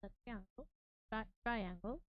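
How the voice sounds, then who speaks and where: A woman whose first language is Spanish, chatting casually while streaming live as a VTuber from home. She talks in an excitable, giggly way and often apologizes. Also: fairly high pitch, unhurried, dry recording, highs cut off.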